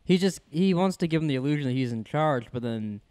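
A man's voice: on the high side, animated, quick pace, a little mellow, clean tone, no echo. A man co-hosting a podcast, recapping a TV episode in a laid-back way, laughing easily and quoting scenes. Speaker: podcast co-host. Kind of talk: casual chat recapping a TV episode.

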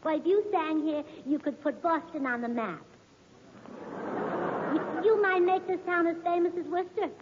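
A woman's voice: extremely high pitch, moderate pace, noisy background. A woman in 1940s radio comedy acting, playing a dizzy, scatterbrained wife with chirpy delivery. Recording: dull lo-fi 1940s radio recording in a hall.

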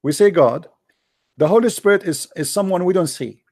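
A non-native English-speaking man hosting a debate, pitched a little high and recorded dry and close with no room sound. He explains patiently, checking in with "right?" and growing animated when he makes a point. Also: normal speed, no echo. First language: not English. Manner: animated, lively storyteller. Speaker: debate host. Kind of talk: casual debate talk.

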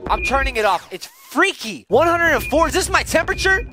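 A middle-aged man giving goofy, excitable commentary while playing a video game, with sudden shouts and silly voices. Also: very high-pitched, normal speed, loud music behind the voice. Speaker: gaming channel host.

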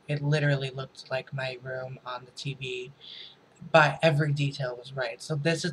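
Chatty, profane vlogger man, flat delivery. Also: on the high side, a little hiss or hum, low-quality recording. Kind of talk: casual storytime vlog. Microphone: camera mic.

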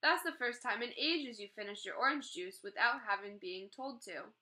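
A woman's voice: on the high side, normal speed, sharp tone. A woman voicing a kind, patient mother who mildly scolds her children. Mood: soothing.

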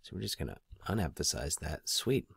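A man teaching his students in a screen-recorded tutorial, relaxed and thinking aloud as he clicks through the steps. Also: deep voice, a little slow, no room sound.

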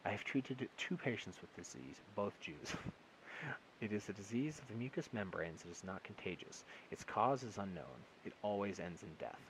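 A man reads a short story aloud in one unedited take, now and then stumbling and restarting a word. His voice is very deep and low. A faint hiss from the phone recording sits underneath. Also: animated, moderate pace. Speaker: amateur audiobook reader.

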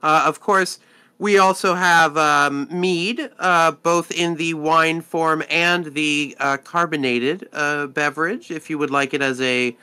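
Man voicing a courteous, rambling female innkeeper; slow and bright. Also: a little high, steady tone, clean tone. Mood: polite. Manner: polite, rambling.

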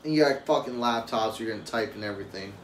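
A man's voice: on the low side, fast talker. A young adult man and father talking casually on a live stream, telling rambling, profane stories. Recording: roomy echo with faint ambient noise.

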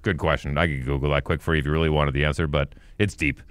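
Deep, smooth-voiced man on a podcast. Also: fairly even intonation, fast talker, no echo, studio quality. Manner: enthusiastic tangents, explaining trivia. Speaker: podcast co-host. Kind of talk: casual podcast chat.

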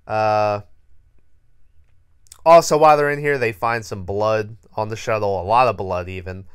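A man's voice: fairly low pitch, unhurried, clear, resonant tone. A man co-hosting a podcast, recapping a horror movie in a rambling, profane, laughing way. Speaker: podcast co-host.

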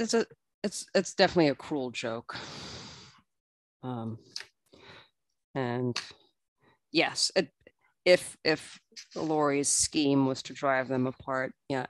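A man speaks slowly and deliberately as a podcast host, offering his final thoughts on a book. He pauses often on "um" and restarts his sentences as he works out what to say. The voice is close and dry, with no room echo. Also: mid-range voice. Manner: measured, thoughtful, with many "um"s and restarts. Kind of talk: reflective book discussion.

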